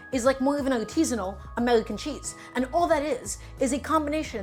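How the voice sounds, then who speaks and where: Woman cooking on a live stream, kinda high voice, chatty and emphatic with her chat. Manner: chatty, emphatic, addresses viewers as friends.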